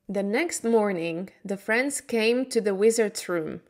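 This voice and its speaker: A woman, an English teacher reading a storybook aloud clearly and deliberately for learners. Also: medium pitch. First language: Slovak.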